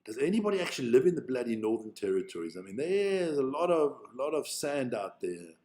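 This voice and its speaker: Reacting to a rugby match on a live stream, this South African-accented man thinks out loud and swears freely in a casual way. His mid-range voice is warm, swings widely in pitch, and moves at a brisk clip.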